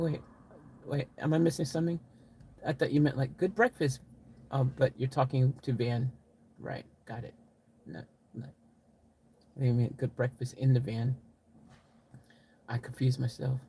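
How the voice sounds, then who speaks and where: Streamer woman, chatty and teasing, reads chat out loud. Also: extremely low pitch, slight background noise. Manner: chatty, teasing, laughs often. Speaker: live streamer. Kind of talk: casual live-stream chat, reading comments.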